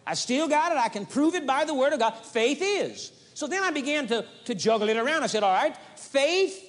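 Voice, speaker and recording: High-voiced emphatic man preaching. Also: big pitch swings, fairly quick. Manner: emphatic, repeats phrases for stress. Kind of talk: sermon. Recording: long hall reverb, 1980s audio tape.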